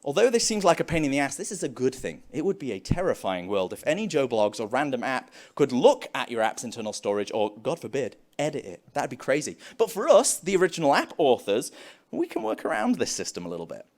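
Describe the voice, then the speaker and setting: A man's voice: medium pitch, a little fast. A young man giving a live conference talk on developer tools, joking and acting out playful back-and-forth dialogue. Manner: animated, jokey, acts out playful dialogue. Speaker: conference speaker.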